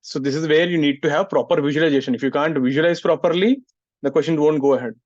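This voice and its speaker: A man with a slightly high, slightly mellow voice talks fast as he lectures a physics class. He scolds the students who won't listen and asks "getting it?" again and again. The recording is dry and muffled.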